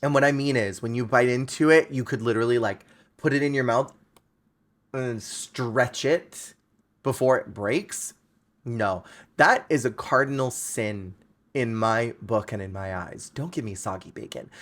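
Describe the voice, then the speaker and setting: A man hosting a podcast, chatting casually and ranting playfully in an animated way. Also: medium pitch, unhurried. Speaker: podcast host. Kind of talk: casual chat.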